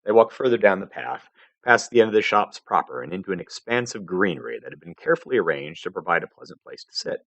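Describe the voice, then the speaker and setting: Low-voiced man reading a story aloud. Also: quick pace, no echo. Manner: expressive storytelling narration. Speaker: fanfiction reader. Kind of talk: live reading of fan fiction.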